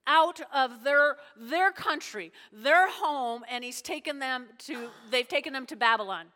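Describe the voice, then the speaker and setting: Woman preacher, high and bright, emphatic conversational sermon, hall reverb. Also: unhurried. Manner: conversational, emphatic, checks in with "okay?".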